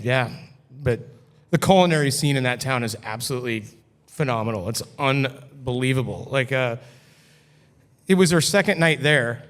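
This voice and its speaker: In a brewery taproom full of long hall reverb, a man guesting on a podcast tells a story in a mid-range, fairly bright voice. His telling is casual and profane, heavy with "like."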